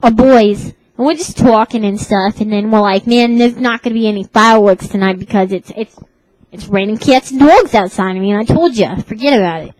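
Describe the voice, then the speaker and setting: A woman's voice: medium pitch, brisk, a little mellow, no room sound, rough recording. A young woman with a Brooklyn accent rambling through a comic story in a slangy, tough-talking manner. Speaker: comedic vlogger. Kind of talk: comedic character monologue.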